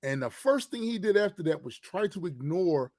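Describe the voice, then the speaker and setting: A man's voice: sits high, very animated, normal speed, darkish tone. A man co-hosting a podcast in casual chat, emphatic and profane. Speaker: podcast co-host.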